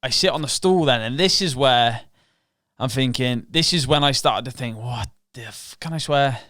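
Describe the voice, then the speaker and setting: A man's voice: mid-range voice, normal speed, sharp tone, no room sound, clean studio sound. Blunt, swearing man retelling a fight. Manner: frank and profane, relives moments with quoted inner thoughts. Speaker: podcast guest, professional MMA fighter. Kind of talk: casual interview storytelling.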